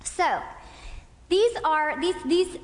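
A woman's voice: very high voice, lively intonation, drawn-out words. A woman in her thirties speaking to an audience, telling personal anecdotes and checking in with "okay?". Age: 30s. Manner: warm anecdotal, frequent "okay?" check-ins. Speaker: speaker at a couples' talk. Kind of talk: storytelling talk to an audience. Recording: long hall reverb.

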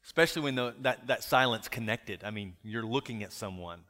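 A man preaching a sermon in a reflective way. He asks rhetorical questions and drops softer on key lines. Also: lowish voice, a little fast. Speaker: pastor. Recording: long hall reverb.

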